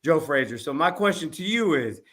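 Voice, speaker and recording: A man's voice: fairly high pitch, animated, fairly quick, fairly bright tone. A man co-hosting a podcast who asks questions enthusiastically in casual chat and laughs along. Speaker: podcast co-host.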